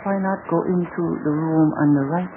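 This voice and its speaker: A man playing a formal, measured general. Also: a little high, fairly even intonation, natural voice. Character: calm, formal older male general. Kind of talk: 1940s radio serial acting. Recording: scratchy 1940s radio broadcast, narrow band, loud hiss.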